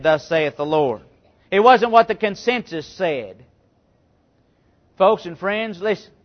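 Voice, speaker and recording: A man preaching a sermon, reading scripture aloud and building to emphatic, rising points. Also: sits high. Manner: preaching with rising emphasis, quoting scripture in King James wording. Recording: dull lo-fi recording.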